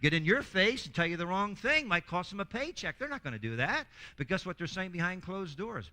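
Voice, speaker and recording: A man presenting a workshop in a lively, humorous teaching talk who acts out quoted voices and often restarts his words. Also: sits high, a little fast, few pauses.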